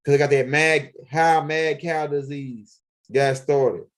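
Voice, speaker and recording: A man's voice: on the high side, steady tone, takes it slowly. Profane, rambling man vlogging at home. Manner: loose, profane street talk with many fillers. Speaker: video blogger. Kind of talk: casual rambling monologue. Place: at home, walking around the house and backyard.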